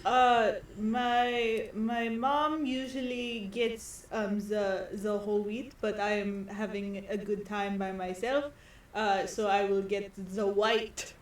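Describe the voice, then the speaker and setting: Slow, hesitant woman player. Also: medium pitch, steady tone. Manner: hesitant, halting. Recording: roomy echo, distant mic.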